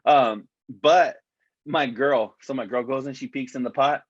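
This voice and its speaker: A man's voice: mid-range voice, steady tone, measured pace, no room sound, muffled recording. Profane, rambling podcast co-host man. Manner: profane, rambling storyteller, says "dog" a lot. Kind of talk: casual chat.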